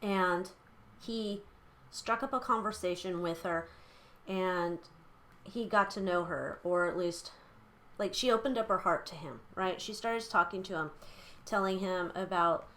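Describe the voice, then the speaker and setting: A woman's voice: fairly low pitch, unhurried, fairly bright tone. Chatty, blunt woman reading tarot. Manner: chatty, blunt, swears freely, lots of fillers. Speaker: tarot reader. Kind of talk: casual chat during a tarot reading.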